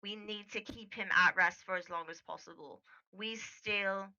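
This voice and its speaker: A woman voicing a cautious male hospital doctor in a tabletop game, who speaks in a hushed, grave way. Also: mid-range voice, steady tone, normal speed, lo-fi sound.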